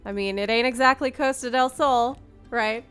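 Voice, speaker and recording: A woman with a slightly high voice talks through an unscripted tour of a game world. Her commentary is wry and playful, full of deadpan jokes. Faint game music plays underneath. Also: moderate pace, clean tone. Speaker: streamer touring a game world.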